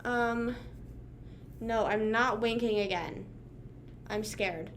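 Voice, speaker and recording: A young woman talks to her livestream audience from a room at home in a slangy, rambling way. Her voice sits a little high. Faint noise hangs behind her. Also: takes it slowly. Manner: chatty, slangy, lots of "like" and "bruh". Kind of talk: casual chat with viewers.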